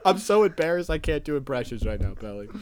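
A young man co-hosting a podcast, talking in an animated, self-deprecating, swearing way. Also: fairly high pitch, quick pace. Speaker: podcast co-host. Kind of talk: casual podcast banter.

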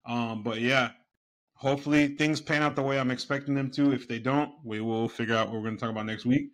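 A man's voice: medium pitch, fairly even intonation, fairly quick, fairly bright tone. Rambling male podcast host. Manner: loose, rambling, searching for words. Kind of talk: casual chat.

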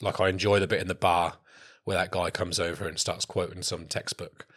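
Husky, lowish-voiced man, self-mocking podcast co-host who laughs a lot. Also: little pitch movement, fairly quick, a bit bright. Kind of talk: casual chat.

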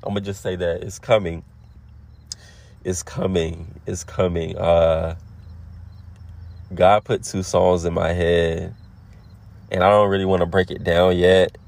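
A man in his late twenties hosting a casual motivational podcast, talking in a relaxed, affirming way and repeating phrases for emphasis. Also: low voice, slow, creaky, long pauses. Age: 20s. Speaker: podcast host.

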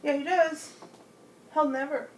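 A woman's voice: high-pitched, steady tone, a little slow. A young woman in a casual chat, reacting with wry, quippy comments. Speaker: podcast co-host. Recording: echoey room.

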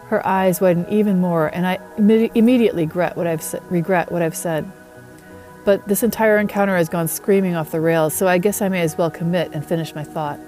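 A woman's voice: lowish voice, steady tone, brisk, mellow, faint music behind. A woman author reading her first-person novel aloud in a wry, self-mocking tone.

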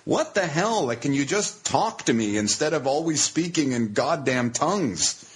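A man's voice: fairly high pitch, very animated, normal speed. A man co-hosting a podcast, mocking a movie sarcastically and swearing. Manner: sarcastic, swearing, exasperated mockery. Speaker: podcast co-host. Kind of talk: casual profane movie chat.

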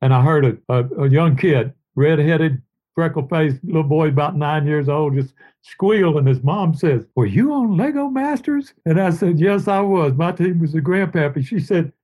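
A man's voice: a little high, normal speed, low-quality recording. An older man, a guest telling long, rambling stories in a casual interview. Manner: rambling, warm anecdotes, sings made-up tunes.

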